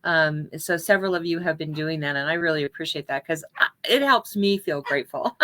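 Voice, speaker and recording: A woman minister talks through her sermon in a relaxed, conversational way, full of fillers and frequent laughter. Her voice sits on the lower side, with a bright, forward tone. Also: a little fast. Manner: chatty, laughs often, many fillers. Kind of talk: casual sermon. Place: at home.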